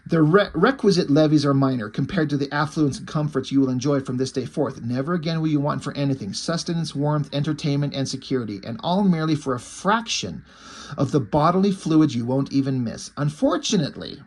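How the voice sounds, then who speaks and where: Cold formal vampire official, quick flat delivery, a man reading it out, fairly high voice.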